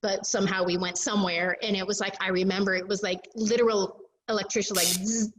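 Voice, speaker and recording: A woman's voice: mid-range voice, level tone, fast talker, a crowd in the background, rough recording. Frank, profane middle-aged woman vlogger. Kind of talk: casual storytelling vlog.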